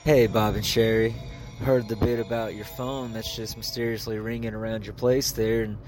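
A man's voice: fairly low pitch, level tone, normal speed, a little mellow, faint music behind. A man calling in to a radio show and rambling, with a lot of fillers. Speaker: caller.

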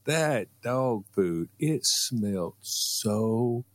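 A man on a morning radio show telling a rambling childhood story, animated and acting out the people in it. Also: medium pitch, very slow, slight background noise. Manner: animated, rambling storyteller who acts out voices. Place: radio studio. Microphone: studio mic.

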